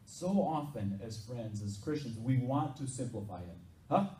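A man preaches in an easy, conversational way and keeps turning questions back to the congregation. His voice is dark and mellow. It reaches the mic from a distance across a roomy, echoing hall, over a faint hiss. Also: medium pitch, expressive, normal speed. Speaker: pastor. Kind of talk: sermon.

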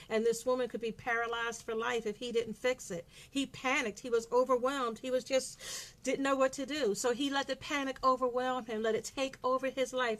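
A woman's voice: a little high, a bit bright. A middle-aged woman blogger giving a motivational monologue, stressing her points by repeating short phrases.

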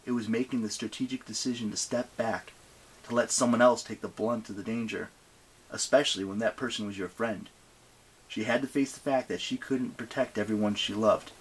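A man narrating an audiobook with expressive reading. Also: fairly low pitch, fairly quick, husky.

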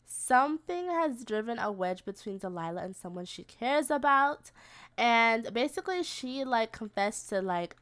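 A woman giving casual, expressive let's-play commentary, chatting to viewers as she plays a life-simulation game. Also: mid-range voice, clean tone. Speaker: game streamer.

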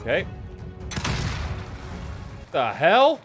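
A young man giving casual, profane commentary over his own gameplay, swinging from muttering to yelling. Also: fairly high pitch, very slow, loud music behind the voice. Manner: profane, excitable, frequent yelling. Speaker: gaming YouTuber.

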